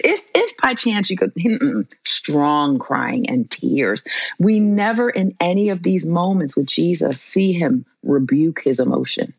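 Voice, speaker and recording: A woman's voice: low voice, lively intonation, measured pace, no echo, lo-fi sound. A woman, a trauma therapist on as a guest, giving an impassioned faith teaching with a preacherly, emphatic and repetitive delivery.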